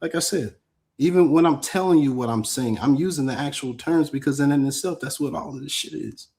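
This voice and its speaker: A man's voice: a little high, brisk, dark tone. A man guesting on a live panel show, arguing bluntly and swearing freely in a heated debate.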